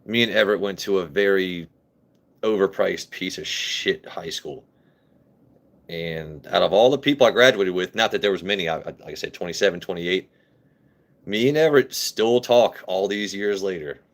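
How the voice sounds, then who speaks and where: A man in his late thirties from Maryland, talking casually into his phone during a live stream. His voice sits a little low, and he rambles, jokes and swears freely as he reads out viewer comments. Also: normal speed. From Maryland, USA. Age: 30s. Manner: loose, profane, joking banter with chat.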